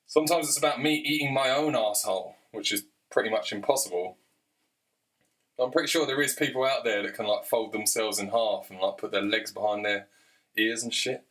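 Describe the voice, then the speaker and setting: Bright-voiced man, crude rambling. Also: fairly low pitch, brisk, recorded from a distance. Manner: crude, chatty, keeps urging the listener on. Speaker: comedian. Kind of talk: rambling comic monologue.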